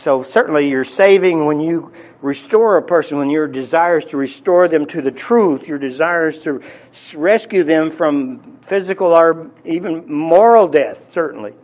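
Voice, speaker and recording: A man's voice: on the high side, normal speed, highs cut off. A man preaching a sermon in a conversational teaching style, with frequent fillers and restarts. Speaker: pastor.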